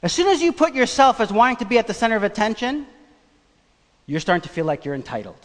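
A man preaching a sermon, telling a personal story in a conversational, animated way. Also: sits high, quick pace. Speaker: pastor. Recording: long church reverb.

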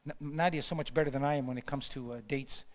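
A man's voice: medium pitch, steady tone, quick pace, in a large hall. A male pastor preaching a sermon, repeating lines for emphasis and building to fervent peaks.

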